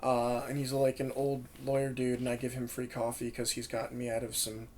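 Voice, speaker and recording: A man's voice: mid-range voice, completely flat delivery, fairly quick, a little mellow, a little hiss or hum. A young man co-hosting a casual podcast, rambling and stumbling as he retells a joke, running on little sleep and lots of espresso. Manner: rambling, laughing, stumbling over a retold joke. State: sleep-deprived, wired on espresso. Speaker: podcast co-host. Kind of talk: casual chat.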